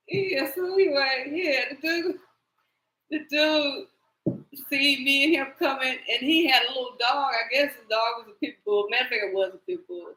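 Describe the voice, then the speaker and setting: A woman hosting a live tarot stream, telling rambling stories in a casual, animated way, laughing often and swearing freely. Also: high-pitched, moderate pace, roomy sound, low-quality recording.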